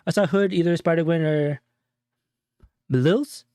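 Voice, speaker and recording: Man, co-host, casual spoiler recap, rambling and animated, higher voice, dry recording. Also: a little slow, clear, resonant tone, dry recording. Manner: rambling, animated retelling with many fillers. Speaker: show co-host. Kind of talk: casual movie spoiler breakdown.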